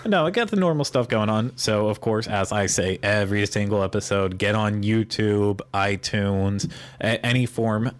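A man's voice: on the low side, normal speed. A man co-hosting a podcast, rambling through casual chat with joking sarcasm. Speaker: podcast co-host.

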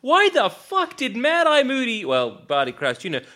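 A man's voice: very high voice, wildly swooping pitch, moderate pace, pushed and bright. A man in casual podcast banter, rambling with restarts, swearing and chuckling. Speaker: podcast co-host.

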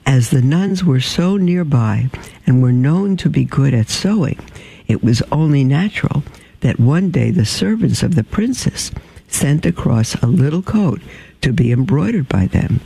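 Gravelly man reading a storybook aloud. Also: mid-range voice, animated, dark tone, poor audio. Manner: measured, unhurried reading with small slips and throat clearing.

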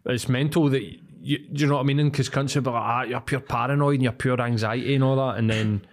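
Glaswegian man, young adult, podcast co-host, lively sweary anecdotes, mid-pitched voice. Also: brisk. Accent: Scottish, Glaswegian. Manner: animated, sweary storytelling. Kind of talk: casual chat.

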